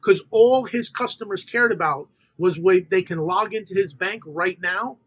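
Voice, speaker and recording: A man's voice: sits high, normal speed, no room sound, rough recording. A man tells business stories on a podcast, slipping into the voices of the people he quotes. The sound is close and dry, with little room. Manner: animated storyteller quoting others in dialogue. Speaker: podcast guest, funder. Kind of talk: casual storytelling interview.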